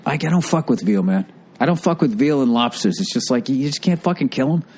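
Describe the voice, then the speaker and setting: A man's voice: medium pitch, expressive, fairly quick, a little mellow, breathy edge. A man riffing and teasing in casual, profane podcast chat. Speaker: podcast co-host.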